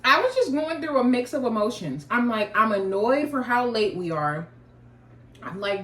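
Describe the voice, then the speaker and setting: A woman's voice: fairly high pitch, sing-song, normal speed, fairly bright tone, echoey room, recorded from a distance. A woman vlogger telling a casual story while eating, in a chatty, slangy way.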